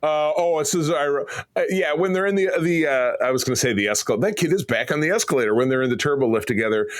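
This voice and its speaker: Animated man with lively pitch. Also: dry recording. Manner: animated, laughs often, mimics characters in quick bits. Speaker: podcast co-host. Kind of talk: casual chat.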